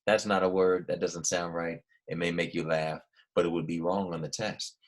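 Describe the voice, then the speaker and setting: A man's voice: sits low, little pitch movement. A man teaching a recorded language lesson, explaining patiently step by step and asking his students questions. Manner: slow, careful dictation with each word repeated.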